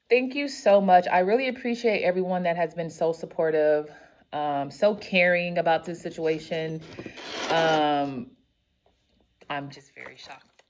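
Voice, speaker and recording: A woman teacher chats her way through an unboxing vlog in a low, deep-set voice. She talks at an easy, drawn-out pace and gushes freely, gasping often. A steady hiss of background noise sits under the recording. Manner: effusive, gushing, often gasping with delight. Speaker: teacher and vlogger. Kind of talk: casual unboxing vlog chat.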